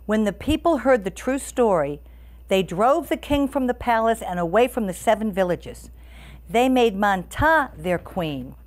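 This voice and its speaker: A woman storyteller reading a picture book aloud with an expressive, animated delivery. Her pitch moves freely across a medium range, rising and falling with the tale. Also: measured pace.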